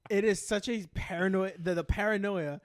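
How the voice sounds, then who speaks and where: A man co-hosting a casual podcast, telling stories in an animated, profane way. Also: high voice, normal speed, no room sound. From United States. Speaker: podcast co-host. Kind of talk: casual chat.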